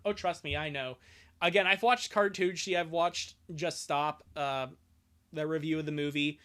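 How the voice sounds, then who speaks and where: A woman's voice: low-pitched, steady tone, a little slow, a bit bright. A woman hosting a live fan-fiction reading, chatting casually, laughing often and swearing freely. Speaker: host reading a fan story aloud.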